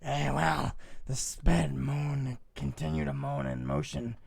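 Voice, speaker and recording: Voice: medium pitch, steady tone, takes it slowly, creaky, darkish tone, breathy edge. A reader performing a comedic dramatic reading of fan fiction in a mock-dramatic way, trying out silly voices.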